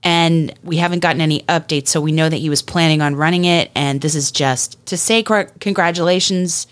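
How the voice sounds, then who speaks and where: A woman co-hosting a casual podcast, chatting and giving shout-outs to listeners. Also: low-pitched, fairly quick. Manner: chatty, thanks and congratulates listeners. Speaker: podcast co-host.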